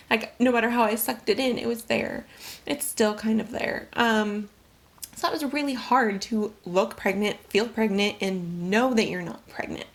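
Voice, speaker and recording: Young woman vlogger, slightly high voice, candid emotional storytelling. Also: moderate pace. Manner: candid, emotional, rambling with fillers. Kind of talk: personal storytelling to camera.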